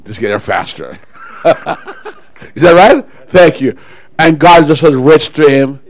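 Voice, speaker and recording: A pastor preaching a sermon to his congregation, calling people up front and pausing for call-and-response. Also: on the high side, lively intonation, no room sound, poor audio.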